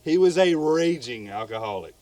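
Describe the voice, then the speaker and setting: A man's voice: fairly high pitch, expressive, moderate pace, a little mellow, no echo. A Southern man co-hosting a podcast, telling a true crime story in a loose, rambling way. He stumbles over repeated words and swears freely.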